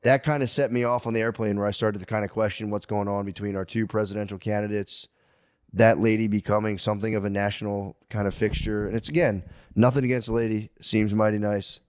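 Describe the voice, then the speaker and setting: A man's voice: fairly low pitch, fairly even intonation, quick pace, darkish tone, clear, resonant tone, no echo, studio quality. Crude, rambling male podcast co-host. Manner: crude, rambling, joking banter. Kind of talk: casual chat.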